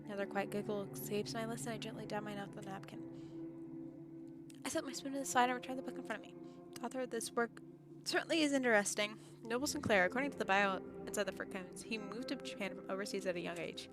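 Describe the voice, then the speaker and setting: A chatty young woman streams herself reading a visual novel aloud, filling gaps with casual asides and loose filler words. She sounds a little out of breath and trips over words at times. Clear game music plays behind her. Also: medium pitch. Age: young adult. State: somewhat out of breath.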